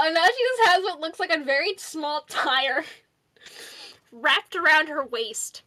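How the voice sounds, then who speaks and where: A woman's voice: high voice, measured pace, dry recording. A woman co-hosting a casual podcast, chatting and laughing while talking through a comic. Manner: animated, laughing, swearing, reading aloud. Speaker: podcast co-host. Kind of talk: casual chat about comics.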